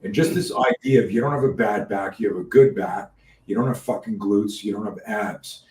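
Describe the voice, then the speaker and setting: Male podcast host, low voice, animated and profane storyteller; distant mic in a roomy space. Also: normal speed, slight background noise. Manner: animated storyteller, swears freely, many restarts. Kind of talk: casual interview chat.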